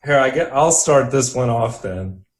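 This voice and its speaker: A man's voice: medium pitch, lively intonation, measured pace. Easygoing young man chatting about films. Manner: easygoing, laughs often, many fillers. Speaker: podcast co-host. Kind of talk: casual chat.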